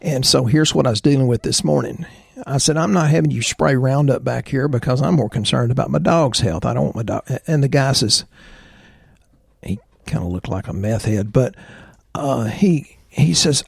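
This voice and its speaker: A middle-aged man with a gravelly, fry-edged voice chats on a health podcast, opinionated and full of jokes and stories. He is recorded close and dry, with no room sound. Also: mid-range voice, moderate pace, no room sound. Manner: opinionated, jokey, tells anecdotes. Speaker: podcast host, chiropractor. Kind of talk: casual health podcast chat.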